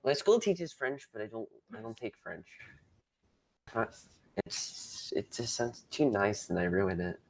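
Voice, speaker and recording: A man's voice: fairly low pitch, sing-song, a little slow, gravelly, low-quality recording. A man chatting casually as a guest, hesitant and self-deprecating, often repeating himself. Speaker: stream guest. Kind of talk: casual chat.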